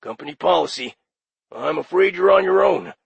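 A man voicing a friendly male demon phone operator with a raspy voice and chummy customer-service patter, in an audiobook. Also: sits high, normal speed, no echo, dull audio, voice pushed up, full character voice. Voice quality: raspy, gravelly. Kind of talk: audiobook character voice.

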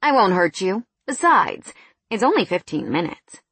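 A woman's voice: medium pitch, sing-song, normal speed, fairly bright tone, breathy edge, dry recording. A woman reading the part of a confident young man working as a masseur, coaxing and teasing.

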